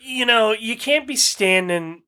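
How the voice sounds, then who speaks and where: A young man co-hosting a podcast in casual chat, animated and profane, laughing often. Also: very high voice, unhurried. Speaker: podcast co-host.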